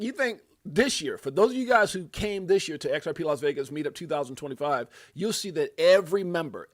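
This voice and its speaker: A middle-aged man from Brooklyn hosting a live crypto market show, talking in excitable bursts with slang and lots of repeats. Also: fairly high pitch, no room sound, clean studio sound. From Brooklyn, USA. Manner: excitable, loud bursts of hype, slang, frequent repeats and laughs. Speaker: host.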